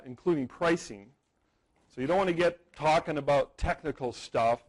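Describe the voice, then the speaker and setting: A man in his forties giving a live seminar, talking straight to the room. He tells stories, repeats words for emphasis and keeps checking in with his listeners. His voice sits at an everyday middle pitch. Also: low-quality recording. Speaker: wedding photography seminar presenter. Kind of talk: live seminar talk to an audience.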